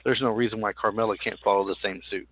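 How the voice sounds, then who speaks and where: A man's voice: lowish voice, fairly even intonation, quick pace, dry recording. Rambling man on a tinny line. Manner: rambling, repeats himself, teasing. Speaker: podcast host. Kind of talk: casual chat recap. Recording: tinny phone-like audio with faint hiss.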